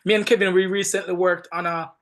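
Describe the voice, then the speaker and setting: Jamaican man, film director, podcast guest; slightly high voice, lively emphatic storyteller who repeats himself. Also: quick pace. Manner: animated, emphatic storytelling with frequent word repeats. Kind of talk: casual podcast interview.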